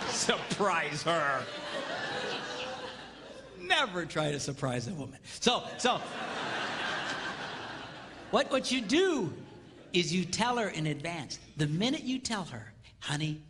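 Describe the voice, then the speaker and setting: A man giving a comedic marriage seminar on stage in a large hall, playful and animated, acting out little quotes and sound effects. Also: sits high, measured pace, pauses often, background noise. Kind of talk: comedic live seminar talk. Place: large hall with live audience.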